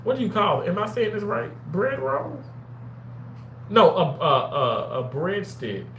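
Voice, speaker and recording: A man chatting casually with his live-stream viewers, rambling and animated, now and then bursting into loud excited shouts. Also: high voice, a little slow. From Mississippi. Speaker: vlogger reading live chat. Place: outdoors on a walk. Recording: roomy, with faint ambient noise.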